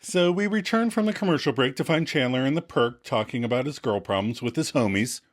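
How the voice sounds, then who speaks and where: A man co-hosting a podcast, retelling a TV episode in a casual, animated way and chuckling as he goes. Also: mid-range voice, a little fast. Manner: animated storytelling, chuckles between lines. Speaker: podcast co-host.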